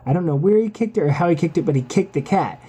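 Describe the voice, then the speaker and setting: Husky, lively man ranting casually. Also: fairly high pitch, quick pace. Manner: exasperated, crude, repetitive. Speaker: vlogger.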